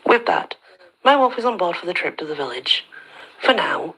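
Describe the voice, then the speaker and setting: Husky low-voiced woman reading a story. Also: sing-song, moderate pace, fairly bright tone, rough recording. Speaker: storyteller, channel host.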